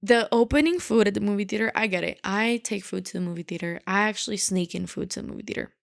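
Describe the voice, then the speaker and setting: Sassy young woman podcaster with gravelly fry. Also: medium pitch, fast talker. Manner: animated, sassy, full of filler "like". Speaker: podcast host. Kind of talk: solo podcast rant.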